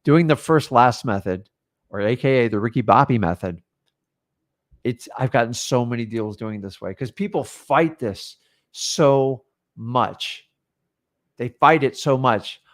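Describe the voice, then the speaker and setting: A man with a mid-pitched voice leads a live training session on real estate deals. He talks in short, punchy bursts and coaches the listeners directly. He breaks into quick acted sample conversations with sellers. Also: animated.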